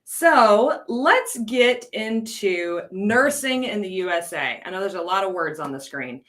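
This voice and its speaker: A woman's voice: mid-range voice, expressive, unhurried, fairly bright tone. Chatty American woman hosting a live lesson. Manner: chatty, laughs often, reads viewer comments aloud. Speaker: ESL program coordinator, host. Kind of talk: casual live-stream teaching.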